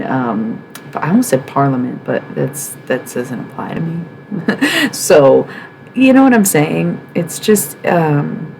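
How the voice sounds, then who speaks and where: A woman's voice: a bass voice, darkish tone, a little hiss or hum, low-quality recording. A woman from the Midwest hosting a livestream, talking frankly and emphatically in a casual monologue, swearing and asking rhetorical questions. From American Midwest. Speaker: livestream host.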